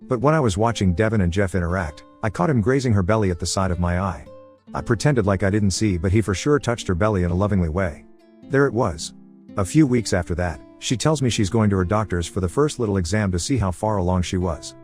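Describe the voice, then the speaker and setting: A man reading an online story aloud in a casual first-person way, over soft guitar music. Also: fairly low pitch, quick pace. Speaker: story narrator. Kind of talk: reading a reddit post aloud.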